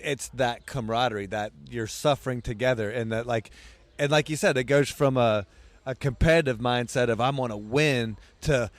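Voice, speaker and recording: A man hosting a podcast in casual chat, easygoing and quick to agree and laugh along. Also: medium pitch, no echo. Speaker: podcast host.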